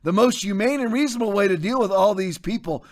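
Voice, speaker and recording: Emphatic, mocking male commentary host with a fairly high voice. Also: fast talker. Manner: emphatic, mocking, folksy asides. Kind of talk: political commentary show.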